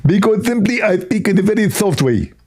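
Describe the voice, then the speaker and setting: Man doing a high-pitched preacher, squeezed, strained, fussy, self-satisfied, mocking. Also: sing-song, fairly quick, darkish tone. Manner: mocking impression, fussy over-explaining.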